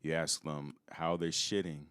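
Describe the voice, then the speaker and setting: A man with a very low voice speaks in a lively podcast chat, playing out little scenes with quoted lines. The sound is dry and close. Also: measured pace, smooth, no room sound. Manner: animated, acts out quoted lines. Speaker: podcast guest, comedian and life coach.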